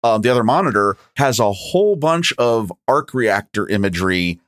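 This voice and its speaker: A man's voice: lowish voice, animated, normal speed, a bit bright, no echo. A man co-hosting a casual movie commentary chat, eagerly describing and painting scenes. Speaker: podcast co-host.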